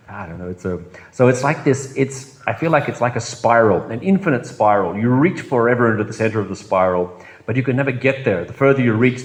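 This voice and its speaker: A man talking in a reflective group discussion circle, halting and full of restarts, breaking into laughter at himself. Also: medium pitch.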